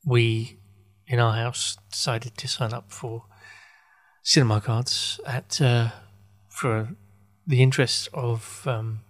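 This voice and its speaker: Man, podcast host, rambling, halting, wry asides, mid pitch. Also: flat delivery. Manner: halting, full of fillers and self-corrections, wry. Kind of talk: rambling casual monologue.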